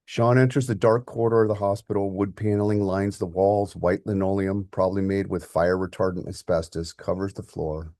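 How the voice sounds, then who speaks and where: A man, the host and author, reading his short story aloud in a quiet, heartfelt way. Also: sits low, steady tone, brisk, hardly any pauses, no room sound, studio quality.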